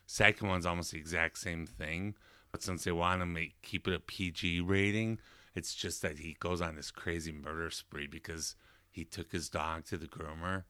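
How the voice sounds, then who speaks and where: A man in casual chat, playful, pitching jokes. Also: fairly even intonation, moderate pace, sharp tone, clean tone, no room sound, studio quality.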